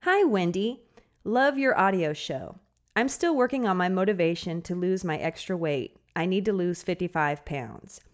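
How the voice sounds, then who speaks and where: A woman host with a lowish voice chatting in a loose, giggly way, often breaking into laughter mid-sentence. She also reads listener emails aloud in the same easy tone. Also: expressive, moderate pace, faint music behind. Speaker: podcast host. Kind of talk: casual chat and reading listener emails.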